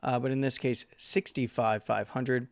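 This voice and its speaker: A man's voice: mid-range voice, fairly even intonation, normal speed, creaky, dry recording, clean studio sound. A man hosting a crypto market chart talk, losing his voice, rambling with fillers and self-corrections. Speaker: crypto market analyst host. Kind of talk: casual chart analysis talk.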